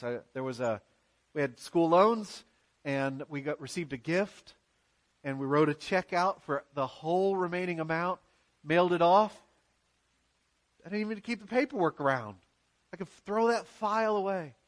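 A man pastor preaching a sermon in a church, earnest and emphatic, posing rhetorical questions to his congregation. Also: a little high.

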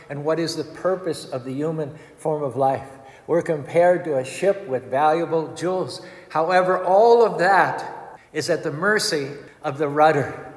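A man giving an emphatic storytelling sermon with dramatic retelling. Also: on the high side. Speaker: spiritual speaker. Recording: echoey hall with long reverb.

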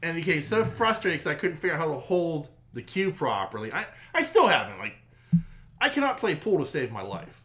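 A man's voice: on the high side, brisk. A man co-hosting a podcast, chatting casually and teasing his friend, often acting out quotes. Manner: animated, teasing, acts out quotes. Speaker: podcast co-host. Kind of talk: casual chat.

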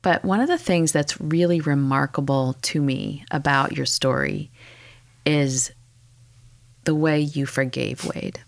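This woman co-hosts a podcast with a low, gravelly voice. She draws out her guests with encouraging, probing questions, recorded close and dry. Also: a little slow, no room sound. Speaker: podcast co-host. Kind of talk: interviewing guests.

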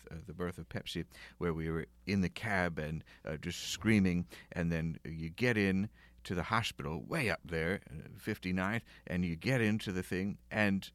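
A man's voice: deep voice, a bit bright, no room sound. A man hosting a podcast, chatting in a rambling, easygoing way with frequent chuckles and fillers. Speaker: podcast host. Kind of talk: casual interview chat.

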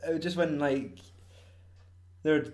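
A man's voice: fairly high pitch, fairly even intonation, slow pace, a little mellow, roomy sound. A young man in casual chat about a film, swearing often, laughing and quoting scenes.

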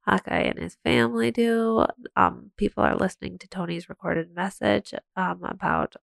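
A woman's voice: mid-range voice, normal speed, gravelly, few pauses, no room sound. A woman co-hosting a podcast, recapping a film with dry, wry remarks in casual chat. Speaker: podcast co-host.

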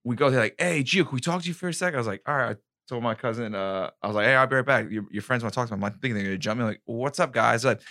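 Bright-voiced young New man chatting. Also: medium pitch, racing, few pauses, no echo, clean studio sound. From New York. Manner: animated storytelling, many "like" fillers, acts out quotes. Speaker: podcast co-host. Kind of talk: casual chat.

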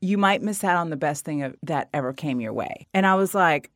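A middle-aged woman spins a personal story in a relaxed conversation. Her voice sits on the low side and sounds close and dry. She jumps into the quoted lines with animated swings. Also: fairly quick, dry recording. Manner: animated, acts out quoted dialogue. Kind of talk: casual storytelling.

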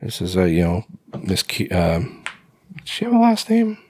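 A man's voice: low voice, wildly swooping pitch, normal speed, darkish tone, breathy edge, no echo, clean studio sound. A man co-hosting a podcast, recapping a horror film in loose casual chat, rambling with lots of fillers and swearing. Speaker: podcast co-host.

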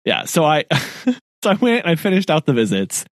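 Animated man telling a story. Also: on the high side, moderate pace, dry recording. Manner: animated, laughing often, acts out quoted voices. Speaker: podcast co-host. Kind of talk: casual chat, storytelling.

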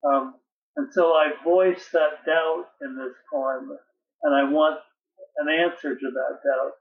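A poet reads and reflects in a slow, measured way, with a slightly high voice for a man. He pauses and restarts as he gathers his thoughts. The sound is thin and narrow, like a telephone call. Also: fairly even intonation, roomy sound, far from the mic, slight background noise. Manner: measured, reflective, with hesitant restarts when talking freely. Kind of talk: poetry reading and interview answers.

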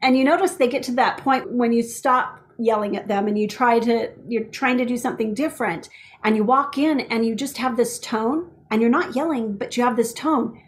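High-voiced woman podcast host. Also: normal speed. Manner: lively, shares personal parenting stories. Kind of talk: casual conversational chat.

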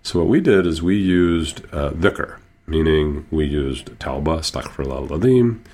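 Deep gravelly male Sufi healer. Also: animated, a little mellow. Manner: slow, earnest, with repeated phrases. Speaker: Sufi healer and teacher, guest. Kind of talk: storytelling in an interview.

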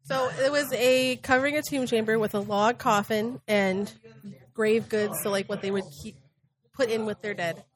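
A woman's voice: on the high side, fairly even intonation, moderate pace. A woman hosting a history podcast live in a bar, hesitant with many ums and frequent laughs.

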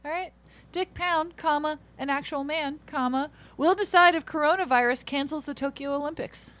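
A woman co-hosting a comedy news podcast, reading headlines aloud with a playful, punning, deadpan teasing manner. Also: sits high, moderate pace. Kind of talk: casual comedic chat.

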